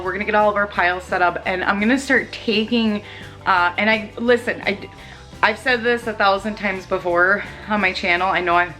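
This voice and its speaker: A woman's voice: mid-range voice, fairly bright tone. A woman hosting a home cleaning vlog, talking casually and often restarting her sentences. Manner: chatty, restarts sentences, talks fast when explaining. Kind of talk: casual vlog chat and voiceover.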